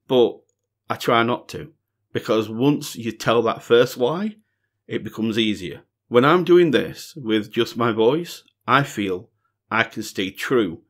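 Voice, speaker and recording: A man's voice: fairly low pitch, a bit bright. A middle-aged man, talking earnestly in a casual solo Q&A and repeating phrases for emphasis. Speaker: music reaction channel host.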